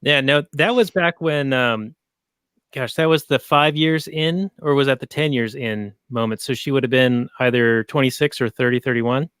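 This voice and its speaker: A man's voice: medium pitch, normal speed, fairly bright tone, clear, resonant tone, dry recording, clean studio sound. A man hosting a podcast, talking through a movie in an easygoing, thoughtful way. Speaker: podcast host. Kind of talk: casual movie review chat.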